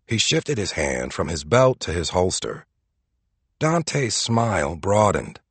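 Low husky guy reading an audiobook, dramatic, lively pitch. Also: slow pace, dry recording. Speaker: narrator. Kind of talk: audiobook narration.

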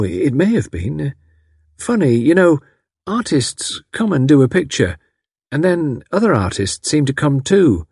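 A man's voice: medium pitch, darkish tone, slightly rough, no echo, clean studio sound, voice pushed up, full character voice. Man voicing a chatty, friendly country wife. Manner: rambling, homely talk. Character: friendly, chatty country housewife, a little odd.

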